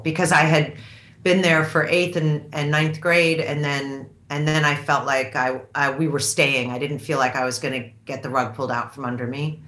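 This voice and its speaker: A middle-aged American author and actress appears as a guest in a conversational interview, reflective and thoughtful, often restarting sentences and using fillers. Her low-pitched voice is bright and forceful with a steady tone at normal speed, heard in an echoey room.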